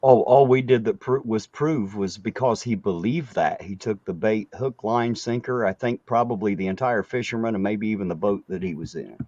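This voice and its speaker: A man's voice: lowish voice, moderate pace, few pauses, a little mellow, dry recording, highs cut off. A man co-hosting a casual livestream, talking in an easygoing, chatty way. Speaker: livestream co-host.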